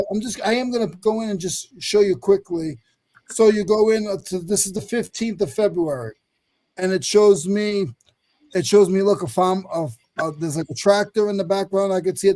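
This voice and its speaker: A man from North Carolina, a reseller, walking viewers through a website in a rambling, hurried screen-share chat. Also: high-pitched, dark tone, no echo. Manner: rambling, fast, self-correcting. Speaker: reseller sharing his screen on a live stream. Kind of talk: casual screen-share walkthrough.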